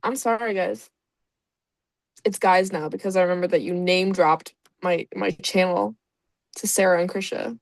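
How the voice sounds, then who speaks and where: A woman's voice: fairly low pitch, fairly even intonation, normal speed, creaky, dry recording. A young woman YouTuber reading a story aloud and reacting to it with sarcastic, profane, self-mocking asides. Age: young adult.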